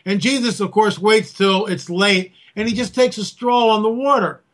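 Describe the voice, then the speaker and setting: A man talking as an interview guest, an animated storyteller who acts out quotes. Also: sits high, normal speed. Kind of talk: casual interview talk.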